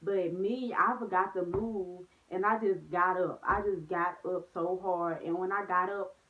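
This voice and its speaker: In a casual storytime vlog, a young woman with a lowish voice talks a little slowly, yet tells her stories with animation, heavy slang, and frequent "like"s. The recording has a thin, phone-like quality.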